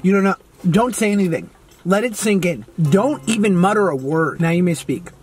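Guy with a high voice goofing around while eating, joking banter, music playing behind. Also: lively intonation, moderate pace. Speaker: guest. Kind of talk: casual mukbang chat.

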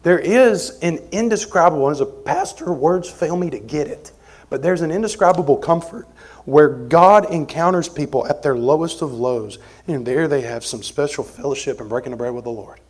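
A man preaching an expository sermon as pastor, conversational, moving between forceful emphasis and quiet asides. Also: on the high side, animated, moderate pace. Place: church sanctuary.

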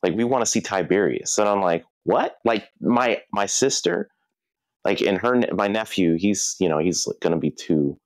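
A man's voice: lowish voice, normal speed, no room sound. A man being interviewed on a podcast, telling stories casually and acting out the voices of people he quotes. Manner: animated, acts out quoted voices. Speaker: podcast guest, game collector and video creator.

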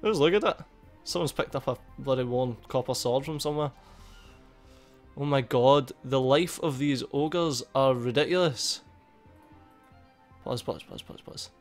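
A man giving casual, excitable gameplay commentary, swearing a lot and laughing at the game. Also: mid-range voice, unhurried. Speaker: gaming YouTuber. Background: faint game music.

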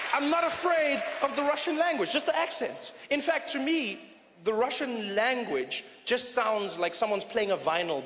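A man does stand-up comedy on a large stage, his voice high and animated. He switches between voices as he goes, heard on a handheld mic in a reverberant hall with faint ambience behind him. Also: noisy background.

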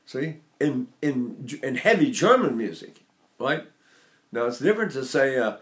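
An older man teaching singing, talking in an animated, digressive way and breaking into sung vocal demonstrations. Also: medium pitch, measured pace. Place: Seattle area.

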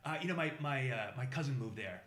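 A man spins a long story in casual chat, stumbling through fillers and restarts and slipping into the voices of the people he quotes. His voice sits at an ordinary middle pitch. The room around him is echoey. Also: animated, quick pace, fairly bright tone. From Boston, USA. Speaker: podcast guest telling a travel story.

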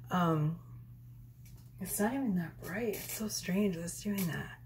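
A woman's voice: fairly low pitch, slow pace, a little mellow, a little hiss or hum. A woman chatting casually to camera in a rambling, hesitant way, full of fillers. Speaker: tarot reader.

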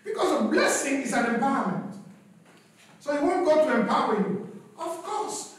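A man pastor preaching a sermon emphatically, calling for responses from the congregation. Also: extremely high pitch. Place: church hall. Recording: echoey church hall, distant mic.

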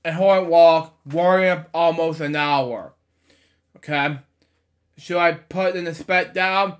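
Guy reading a kids book out loud, kinda high voice, slow, trips over words and chats in between. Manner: halting, stumbling reading broken by chatty side comments. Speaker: storybook reader. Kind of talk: reading a picture book aloud with asides.

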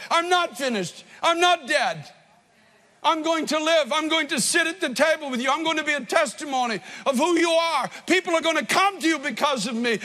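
A man's voice: very high-pitched, pushed and bright, voice pushed up, full character voice. A man voicing Lazarus, a dead man raised to life, crying out in exultant bursts.

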